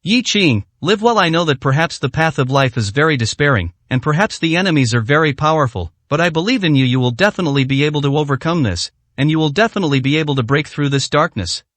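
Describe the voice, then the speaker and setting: A tender young woman on the brink of death, as a male narrator reads her, pleading softly and faltering. The voice sits a little high and sounds dry and close, with no room around it. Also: expressive, fast, hardly any pauses, dry recording. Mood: gentle encouraging.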